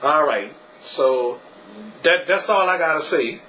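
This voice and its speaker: A man's voice: on the high side, lively intonation, slow pace, sharp tone, slight background noise, rough recording. A young man vlogging casually, stammering and repeating his words, and ending lines with "you know" and "okay.". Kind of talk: casual tribute vlog.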